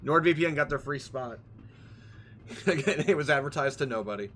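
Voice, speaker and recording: A man's voice: a little high, expressive, a little slow, pauses often, a bit bright. A young man streaming a video game, rambling and joking playfully as he plays. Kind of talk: casual let's-play commentary.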